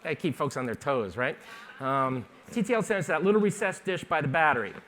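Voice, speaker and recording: A man teaching photography lighting on stage, talking fast and joking as he quizzes a live audience. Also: on the high side, expressive, fairly bright tone, slight background noise. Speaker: photography instructor. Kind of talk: live workshop demonstration.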